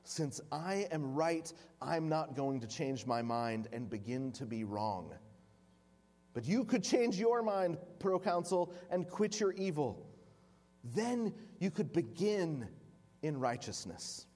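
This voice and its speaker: Preacher playing a steadfast old man facing death, plain and firm, a touch high, long hall echo. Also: very animated, takes it slowly, a little mellow, full character voice. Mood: calm defiance. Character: elderly male martyr, calm and unyielding.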